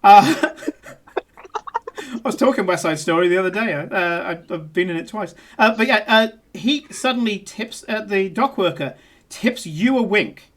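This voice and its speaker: Playful and talkative, this tabletop game master narrates in a middle-pitched, slightly bright voice with lively intonation. The pace is normal but frequently quickens mid-scene, and laughter and filler words pepper the telling over slight background noise.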